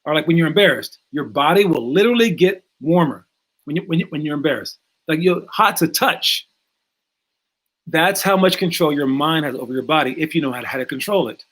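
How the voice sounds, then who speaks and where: Guy coaching kids at basketball, kinda high voice, lots of um and like, repeats himself, gets animated. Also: brisk. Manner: energetic, acts out movie scenes in raised voices; many fillers and repeated words. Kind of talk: casual talk to young players.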